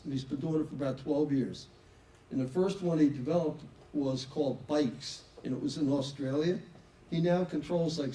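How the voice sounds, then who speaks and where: A man's voice: fairly high pitch, warm tone. An older man, giving a casual, self-assured talk to an audience, full of anecdotes. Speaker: speaker at a networking event. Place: room with an audience. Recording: echoey room, mic far off, faint noise.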